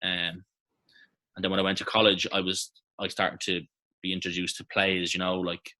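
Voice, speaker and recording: An Irish man in his thirties, an actor reminiscing in a relaxed, rambling interview with many fillers and restarts. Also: low voice, moderate pace. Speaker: actor guest. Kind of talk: casual interview chat.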